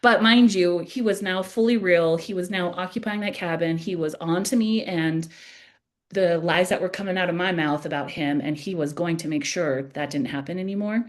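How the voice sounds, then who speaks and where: A woman with a slightly low voice tells a podcast story from her teen years. She talks casually, with lots of laughs and playful self-mockery. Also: moderate pace. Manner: animated, self-mocking, laughs often. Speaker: podcast host telling a story.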